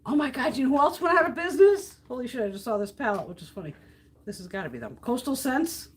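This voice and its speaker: Woman, high voice, middle-aged, from the United States, casual livestream chat, blunt, swearing. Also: expressive, quick pace. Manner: blunt, swears freely, ranting. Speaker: beauty livestream host. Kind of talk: casual chat while depotting makeup.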